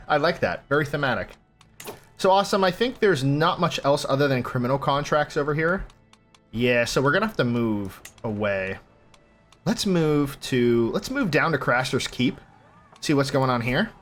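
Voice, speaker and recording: A young man hosting a role-play playthrough of a strategy game, mixing read-out story text with casual, enthusiastic commentary. His voice sits at an ordinary middle pitch. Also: a bit bright. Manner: chatty, enthusiastic, reads game text aloud. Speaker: gaming channel host.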